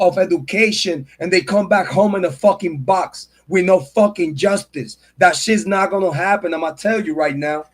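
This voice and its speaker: A true crime channel host in his forties, whose voice sits high, goes on an angry, profane and emotional livestream rant, repeating himself.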